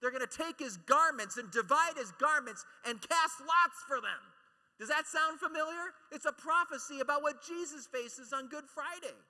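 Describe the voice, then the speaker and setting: A man giving a conference talk, animated and joking, acting out quotes as he teaches. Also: extremely high pitch, normal speed, big-room sound. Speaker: speaker at a Catholic conference.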